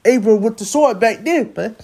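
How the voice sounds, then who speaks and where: A man with a high voice teaches a religious lesson in a forceful preaching style. He closes many phrases with "man". He sometimes trips and repeats his words. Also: normal speed. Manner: emphatic, ends phrases with "man".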